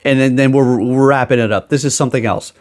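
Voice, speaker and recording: A young man rants straight into a desk microphone in a casual vlog, rambling and sarcastic, breaking off his sentences and starting over. His voice sits at an ordinary middle pitch, and faint music plays under him. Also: fairly even intonation, quick pace. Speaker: gaming YouTuber.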